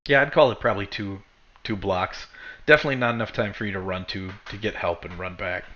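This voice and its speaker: A man running a tabletop game as dungeon master, chatty and quick to laugh. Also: lowish voice, sharp tone, lo-fi sound. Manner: laughs often, loose and chatty.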